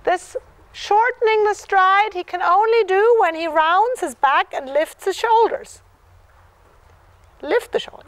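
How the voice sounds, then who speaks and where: A woman with a very high, light voice coaching a dressage rider in a live lesson. She talks in encouraging bursts, repeats "yes" again and again, and sings out the horse's rhythm. Her teaching is warm but focused. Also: unhurried, dry recording. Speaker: dressage clinician.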